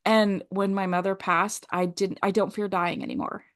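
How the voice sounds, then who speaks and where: Podcast co-host, woman, earnest and reflective, a bit halting. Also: medium pitch, fairly even intonation. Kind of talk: casual chat.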